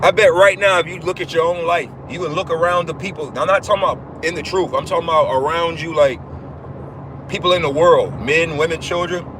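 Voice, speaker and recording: A man's voice: fairly high pitch, steady tone, brisk, noisy background. A man giving an informal livestream sermon, emphatic and repetitive, swearing casually as he preaches.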